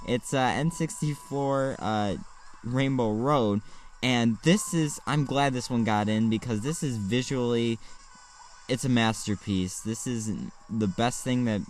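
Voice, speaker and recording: A young man hosting a casual gaming video, gushing with excitement and trailing into fillers and restarts. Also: mid-range voice, measured pace, faint music behind. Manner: excitable, shouts and squeals in reaction; rambling, many fillers and restarts. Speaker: gaming channel host.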